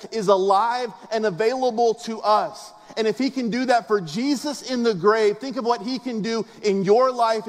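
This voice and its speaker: A man preaching a sermon with a notably high voice, talking to his congregation in an easy, conversational way that keeps building emphasis. He asks question after question of the room. His voice rings out in a big hall with a long echo, and soft music plays underneath. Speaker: pastor. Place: large church auditorium.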